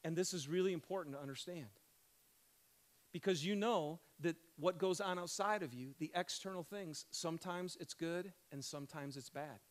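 A man preaching a sermon, conversational and animated, swinging from loud excited questions to hushed emphatic lines. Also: a little high, normal speed. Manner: conversational, addresses crowd as "you guys". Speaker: pastor.

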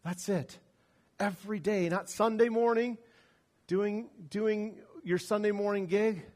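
A pastor delivering a sermon, telling a personal story with wide swings between loud emphasis and quiet asides. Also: male voice, sits high, fairly even intonation, measured pace.

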